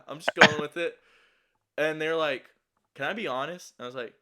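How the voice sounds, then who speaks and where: A man's voice: a little high, moderate pace, long pauses, noisy background. A young man telling a casual story, rambling and profane, with many restarts and fillers, audibly shaky and anxious.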